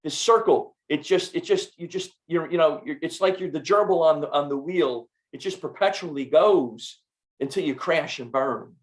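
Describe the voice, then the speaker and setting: Male host, middle-aged, animated and chatty, slightly high pitch. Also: moderate pace. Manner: animated storyteller, repeats words. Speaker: podcast host and doctor. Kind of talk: casual interview chat.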